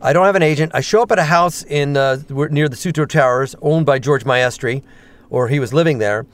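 Guy spinning stories, voice actor vibe, kinda high voice, jumps into impressions. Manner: lively storyteller, quick jumps into character voices. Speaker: voice actor and stand-up comedian. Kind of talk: animated anecdotes with voice impressions.

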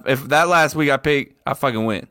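A man co-hosting a podcast in casual banter, cursing freely and ranting loudly when worked up. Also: mid-range voice, a little fast, clean tone, dry recording, studio quality. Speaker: podcast co-host.

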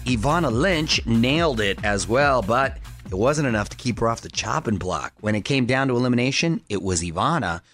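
A middle-aged man hosting a radio show in an upbeat, jokey way, reading quick promos and chatting with his co-host. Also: mid-range voice, expressive, a bit bright, no room sound, faint music behind. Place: dry radio studio. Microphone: studio mic.

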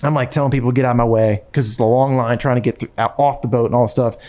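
A man recounts a personal story in relaxed conversation. His delivery is animated, full of stumbles, restarts and repeated phrases as he pushes the story forward. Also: mid-range voice, rapid-fire. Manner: animated, with frequent restarts and repetitions.

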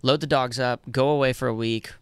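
A man's voice: medium pitch, steady tone, a little fast, smooth, no room sound. Earnest chatty man on a dry mic. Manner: earnest, chatty, laughs often, restarts. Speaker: musician guest. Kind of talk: casual interview chat.

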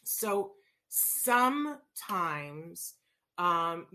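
Middle-aged woman chatting, lowish voice but bright, acts out little voices in her stories. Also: very slow. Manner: animated, acts out voices in anecdotes. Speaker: parent educator on autism. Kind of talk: casual storytelling talk.

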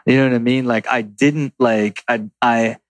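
A man's voice: medium pitch, fairly even intonation, moderate pace, no room sound. A man in his forties answering audience questions in a loose, rambling way, swearing freely and acting out little quotes. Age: 40s. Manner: profane, rambling, acts out quotes. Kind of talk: casual Q&A talk.

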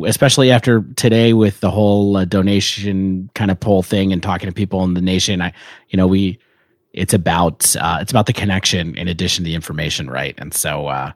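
A man's voice: sits low, no room sound, studio quality. A man co-hosting a podcast, talking casually with many restarts. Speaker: podcast co-host.

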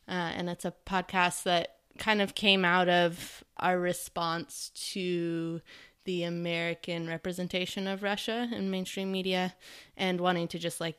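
A woman guest on a podcast who speaks in a measured, informative way during a casual chat. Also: fairly low pitch, fairly bright tone, smooth.

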